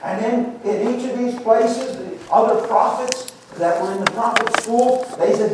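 An older man preaching a sermon, slow and emphatic, repeating phrases for emphasis, with the congregation answering now and then. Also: sits high. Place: church sanctuary. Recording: echoey room, distant mic, faint noise.

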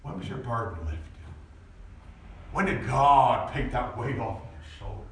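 Shouting preacher in an echoey church. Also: male voice, mid-range voice, moderate pace, distant mic, a little hiss or hum. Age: 40s. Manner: animated preaching, rising to shouts at peaks. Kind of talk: sermon. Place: church sanctuary. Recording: echoey room, voice from off-mic.

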